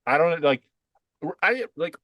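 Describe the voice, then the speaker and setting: A man's voice: fairly high pitch, expressive, a little slow, sharp tone, dry recording. A young man co-hosting a casual political podcast, rambling with lots of "like" and sarcastic asides. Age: young adult. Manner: rambling, filler-heavy, sarcastic. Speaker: podcast co-host.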